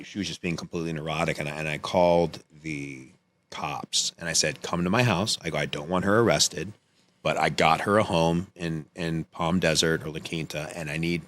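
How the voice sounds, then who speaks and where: A man, a filmmaker guest on a podcast, telling a personal story casually, swearing and acting out what people said. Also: sits low. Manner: animated, acts out quotes in raised voices, swears freely.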